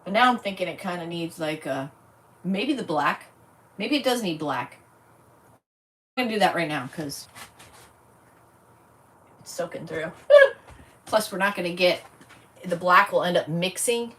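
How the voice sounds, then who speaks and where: A woman's voice: lowish voice, lively intonation, unhurried, long pauses, fairly bright tone, distant mic. A woman chatting casually and thinking aloud while she works on a craft project on a livestream. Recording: voice set back from the mic, faint noise.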